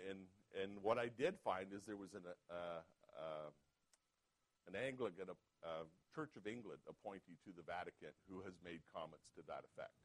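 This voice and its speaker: A man preaching a sermon as pastor, reading scripture aloud and calling out "Amen?" to the congregation, swinging between quiet asides and loud emphatic passages. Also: medium pitch, poor audio.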